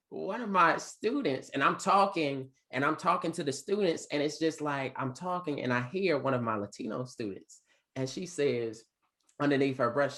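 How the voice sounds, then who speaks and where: A man teacher telling a class a story in an animated, preacher-like cadence with big vocal swings. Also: medium pitch.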